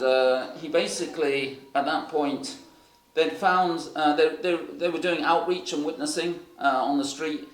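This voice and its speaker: A man preaching, telling rambling anecdotes full of fillers. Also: a little high. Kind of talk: sermon storytelling. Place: church hall. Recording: echoey hall.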